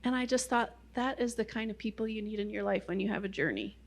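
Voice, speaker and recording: A middle-aged woman shares her testimony in an easy, chatty manner. Her voice sits at an ordinary pitch, and she often scatters "you know" through her sentences as she tells her story. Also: fast talker, gravelly. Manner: conversational storyteller, many "you know" fillers. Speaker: guest speaker at a Christian ministry. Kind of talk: personal testimony talk.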